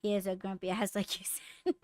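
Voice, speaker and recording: A woman hosting a podcast, chatting casually and bluntly with lots of swearing, getting raised and animated when riled. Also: mid-range voice, moderate pace, dry recording. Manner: blunt, profane storytelling. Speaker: podcast host. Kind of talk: casual chat with live comments.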